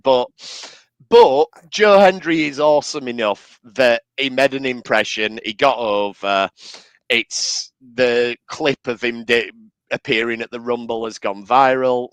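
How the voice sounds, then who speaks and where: A man's voice: medium pitch, fairly bright tone, clear, resonant tone, no echo. A man in casual chat, enthusiastically explaining wrestling to a co-host.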